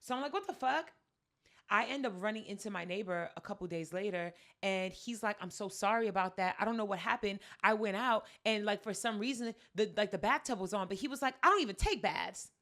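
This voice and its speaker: Bright, animated woman telling a story. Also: mid-range voice, fast, hardly any pauses. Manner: animated, acts out quotes loudly, laughs often. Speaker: podcast co-host. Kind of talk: casual storytelling chat.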